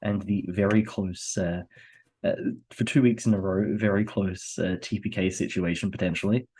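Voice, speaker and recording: A man co-hosting a livestream as a player, with a sore throat, talking quietly and close to the mic. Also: sits low, moderate pace, slightly rough. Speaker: co-host and player. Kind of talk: casual livestream chat.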